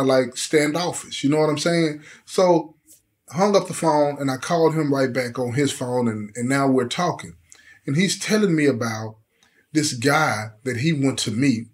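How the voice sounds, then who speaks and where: A middle-aged man casually telling a story from his time in prison, full of street slang and frequent "you know what I'm saying" asides. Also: fairly high pitch.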